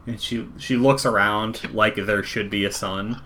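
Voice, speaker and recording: A man running a tabletop game as game master, narrating in a relaxed, rambling way. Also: fairly low pitch, unhurried, slight background noise. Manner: relaxed, rambling wrap-up with fillers.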